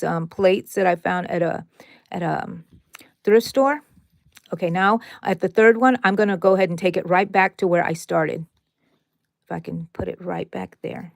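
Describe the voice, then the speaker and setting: A woman's voice: fairly low pitch, moderate pace, vocal fry, dry recording, clean studio sound. A woman hosting a casual crochet tutorial, chatty and playful, who talks viewers through each step with little asides and exclamations.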